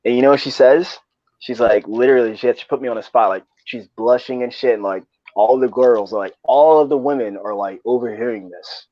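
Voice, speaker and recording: A man's voice: medium pitch, fairly quick, no room sound. Profane rambling young man, muffled. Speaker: podcast co-host. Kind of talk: casual storytelling chat. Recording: dull lo-fi dry sound.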